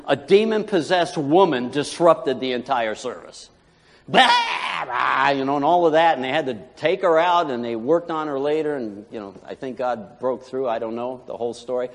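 A man preaching a sermon as pastor, animated, swinging from loud preaching to quiet asides. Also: medium pitch, long reverb tail.

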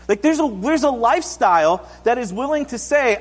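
A man with a high voice gives a relaxed, conversational sermon, acting out little scenes and asking his listeners questions. His voice rings with the long reverb of a large hall. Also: a little fast, hardly any pauses. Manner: casual, acts out quotes, asks the congregation questions. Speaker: pastor.

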